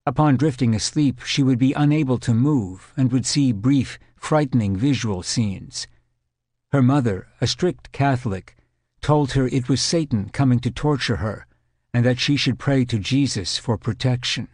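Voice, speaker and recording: A man reads an audiobook in a measured, clinical way, setting out events plainly. His voice sits at an ordinary middle pitch. The recording is close and dry. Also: darkish tone, slightly rough, no echo. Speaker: narrator. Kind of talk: scripted audiobook narration.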